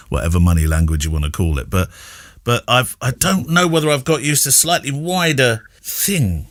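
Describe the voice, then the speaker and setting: A man's voice: mid-range voice, animated, moderate pace, fairly bright tone, no echo. A British man co-hosting a photography podcast, chatting casually, laughing easily and reading listener mail aloud. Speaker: podcast co-host. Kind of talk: casual chat.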